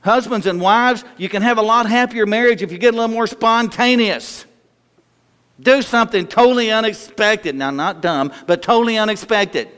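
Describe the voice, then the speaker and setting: A man's voice: sits high, moderate pace, fairly bright tone, clean tone. A man preaching a sermon in a folksy, humorous way, with restarts and sudden bursts of emphasis. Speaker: pastor. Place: church sanctuary. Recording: long hall reverb.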